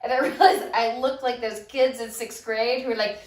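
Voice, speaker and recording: A woman's voice: on the high side, fairly even intonation, moderate pace, hardly any pauses, slight background noise. A woman hosting a casual talk and telling her own funny stories, laughing often mid-sentence. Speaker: laughter coach and host. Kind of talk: casual storytelling. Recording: echoey room, mic set at a distance.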